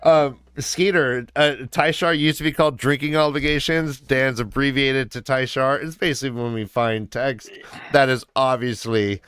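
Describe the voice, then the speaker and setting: A man's voice: mid-range voice, steady tone, moderate pace, a bit bright, clean tone, no room sound, studio quality. A man hosting a podcast in casual chat, joking and teasing his co-hosts. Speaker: podcast host.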